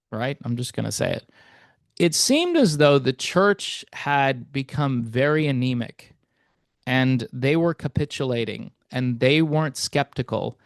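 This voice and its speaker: A man's voice: mid-range voice, no room sound, clean studio sound. Opinionated man giving casual commentary. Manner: opinionated, conversational, frequent fillers and repeats. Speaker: host.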